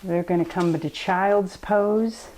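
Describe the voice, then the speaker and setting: Female yoga teacher for children; soft, slow, mellow voice, gently coaxing bedtime instructions. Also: fairly low pitch, steady tone, slight background noise, low-quality recording. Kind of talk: guided children's yoga story time.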